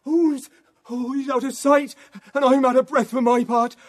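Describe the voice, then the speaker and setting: An actor playing a panicked male servant who shouts alarms, out of breath. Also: very high voice, fairly even intonation, moderate pace. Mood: flustered. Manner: frantic, shouting.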